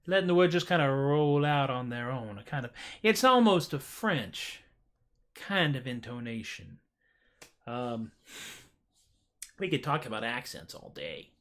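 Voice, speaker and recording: A man's voice: mid-range voice, very animated, unhurried, pauses often, a bit bright. A man hosting his own livestream show, chatting casually between songs with rambling, self-deprecating jokes. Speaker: singer-songwriter host of a livestream show.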